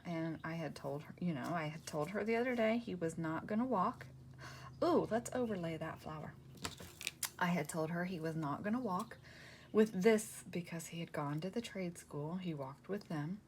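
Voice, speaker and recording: A woman in her forties, a craft vlogger, chatting casually and rambling through a story while she works, sometimes dropping to a soft near-whisper. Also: on the low side, moderate pace. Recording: paper crinkling noise in the background.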